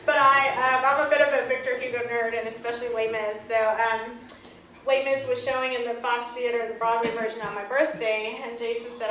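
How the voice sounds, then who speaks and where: A woman's voice: a little high, flat delivery, a little fast, a bit bright, far from the mic, slight background noise. Earnest woman telling a story in an echoey hall. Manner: earnest, laughs often. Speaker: speaker giving a talk. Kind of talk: personal storytelling talk.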